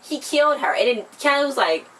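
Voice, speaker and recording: A young woman chats quickly through a TV episode recap and acts out the characters' lines as she goes. She sits a little away from the mic, so her voice sounds slightly distant. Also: high voice. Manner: animated storytelling, acting out characters' lines. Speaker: co-host of a TV recap channel. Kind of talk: casual chat, TV episode recap.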